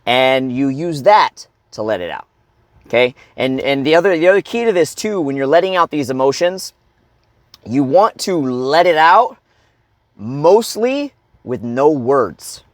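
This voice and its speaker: A man coaching viewers in a blunt, profane monologue, often checking in with "okay?" and breaking into loud shouts and grunts to demonstrate. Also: medium pitch, expressive, a little slow, no echo, clean studio sound. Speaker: fitness and life coach.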